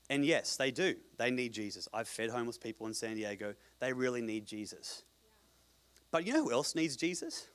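A man preaching a sermon as pastor at a church service, swinging between loud emphatic passages and quiet low asides. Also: animated, moderate pace.

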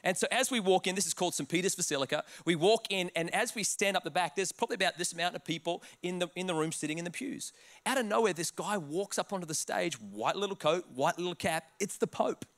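A man with an Australian accent preaching a sermon, telling a funny personal story with quick laughs and acted-out quotes. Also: sits high. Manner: animated, laughing, restarts words, acts out quotes. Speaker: pastor.

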